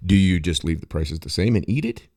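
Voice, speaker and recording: A man's voice: deep voice, sing-song, brisk, a little mellow. A man ranting bluntly in casual podcast chat, swearing freely. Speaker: podcast co-host.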